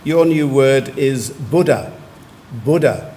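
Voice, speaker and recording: A man, pronouncing words clearly and giving short definitions at a spelling competition. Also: medium pitch, expressive, mellow, slight background noise. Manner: measured, repeats each word clearly and gives brief definitions. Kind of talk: formal word pronouncing at a competition. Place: large museum hall.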